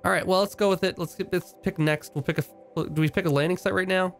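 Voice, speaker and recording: A man's voice: high voice, fairly even intonation, fast, creaky, faint music behind. A man giving casual, upbeat commentary while playing a video game, thinking aloud with frequent fillers and restarts. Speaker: game streamer.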